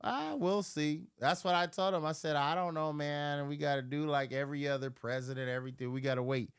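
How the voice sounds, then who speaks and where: A man hosting a live stream, ranting casually and profanely, with sudden jumps into loud impressions of people he argues with. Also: a little high, fairly even intonation, a little fast, clean tone, dry recording, clean studio sound. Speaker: livestream host.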